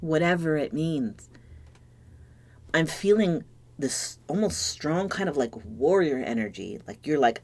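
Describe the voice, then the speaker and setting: A woman with a low voice reads tarot cards on her own. She speaks softly and reflectively, often dropping to a near-whisper. She sounds moved and searches for the right words as she goes. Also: expressive, measured pace. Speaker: tarot reader. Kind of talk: solo tarot reading to camera.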